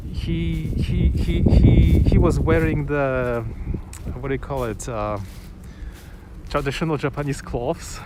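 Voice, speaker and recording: A man's voice: medium pitch, background noise. A man chatting casually and enthusiastically, rambling with restarts and small chuckles, outdoors on a sunny afternoon. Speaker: vlogger. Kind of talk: casual chat to camera.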